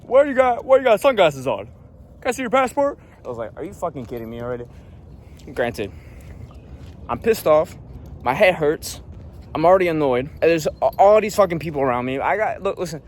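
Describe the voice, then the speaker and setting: A man's voice: mid-range voice, a little mellow, a little hiss or hum. A young man telling a travel story as a casual vlog rant, profane and annoyed, rambling with lots of fillers. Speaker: vlogger.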